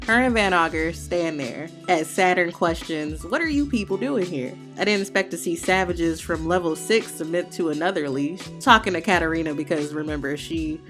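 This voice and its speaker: Low-voiced woman recapping manga casually. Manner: slangy and opinionated, with playful heckling asides. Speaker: manga review host. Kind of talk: casual spoken chapter recap.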